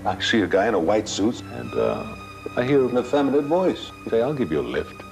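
An older man casually telling a personal anecdote as a guest, halting at times and acting out dialogue. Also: on the low side, sing-song, creaky, soft background music, rough recording. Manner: plain-spoken, halting, with restarts and quoted dialogue. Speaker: guest storyteller.

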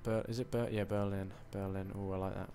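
A man's voice: deep voice, flat delivery, fairly quick, warm tone, faint music behind. A young man with a put-on American accent, rambling through live game commentary with self-mocking asides. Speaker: gaming commentator.

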